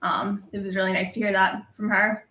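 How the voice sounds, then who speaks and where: A woman's voice: mid-range voice, level tone, brisk, pushed and bright, reverberant, slight background noise, rough recording. A woman as a livestream guest, talking earnestly in long hedged run-ons. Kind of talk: casual livestream chat. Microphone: online video call.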